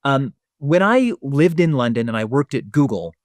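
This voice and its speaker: Male co-host, eager and playful in casual chat, very animated intonation. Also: medium pitch, moderate pace, no echo, studio quality. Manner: enthusiastic, jokey, reads out listener questions. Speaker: podcast co-host.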